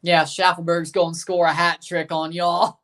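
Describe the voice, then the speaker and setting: A man's voice: on the high side, little pitch movement, moderate pace, fairly bright tone. A man hosting a livestream watchalong, chatting casually, reading viewers' comments aloud and reacting to a soccer match with sarcastic asides.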